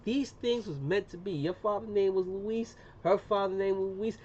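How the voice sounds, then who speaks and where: A middle-aged man chatting casually on a live stream as he demonstrates an engraving job, slangy and talkative, often saying "boom". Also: lively intonation, moderate pace, hardly any pauses, warm tone. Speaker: livestreamer doing laser engraving. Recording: muffled lo-fi sound with faint room noise.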